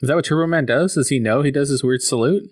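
A man's voice: medium pitch, quick pace. A man in his thirties, a podcast co-host, chatting casually and laughing often while watching a film. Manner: laid-back, laughs often. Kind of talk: casual movie watch-along chat.

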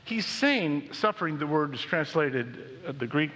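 A man pastor preaching a sermon, reading scripture and telling stories in an animated way, rising and dropping as he talks. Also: a little high, a little slow, big-room sound, lo-fi sound. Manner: animated preaching that swings between lively and hushed. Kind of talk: sermon with storytelling.

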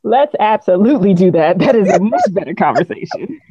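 A woman's voice: medium pitch, expressive, a little fast, mellow, slightly rough, no room sound, highs cut off. A woman co-hosting a podcast, chatting casually, encouraging and amused, laughing along. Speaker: podcast co-host. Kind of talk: casual chat.

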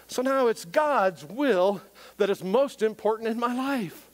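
A man preaching a sermon in an animated way, often questioning the congregation. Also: sits high, unhurried. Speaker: pastor.

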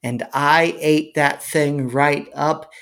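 A man on a podcast casually telling a story, chatting in a relaxed way and talking to the listeners. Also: fairly high pitch, slow pace, vocal fry. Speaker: podcast co-host.

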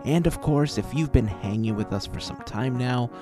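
A man's voice: medium pitch, normal speed. Upbeat man reading a podcast intro over music. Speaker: podcast host. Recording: music bed under voice.

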